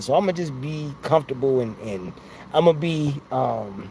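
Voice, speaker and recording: A man's voice: a little high, moderate pace, a little mellow, slight background noise. A man hosting a casual live stream from outside his home, talking into a phone in a rambling, slangy way and laughing often. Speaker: livestream host.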